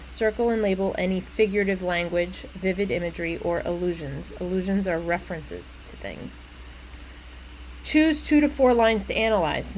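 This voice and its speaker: Woman, college english teacher, chatty instructions, breaks off for casual asides, corrects herself as she goes, medium pitch, faint room hum. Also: low-quality recording. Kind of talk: walking through essay instructions.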